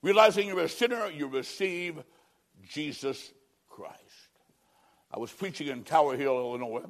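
A male preacher with a high voice delivers a fiery sermon. He swings from loud declarations to quiet, drawn-out phrases, slowing down to press his points home. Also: animated. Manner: dramatic preaching with big swings between loud and hushed.

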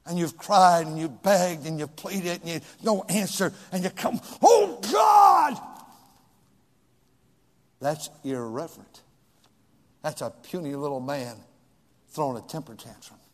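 High-voiced preacher in an echoing hall. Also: male voice. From California. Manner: swings from shouting to hushed, dramatic pauses. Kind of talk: sermon. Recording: long reverb of a large hall.

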